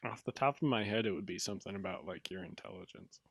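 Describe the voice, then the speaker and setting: A man's voice: deep voice, animated, fast, gravelly, a bit bright, dry recording. A young man co-hosting a podcast in casual chat, giving short firm answers and arguing with plain logic. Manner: blunt, firm opinions, argues with simple logic. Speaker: podcast co-host.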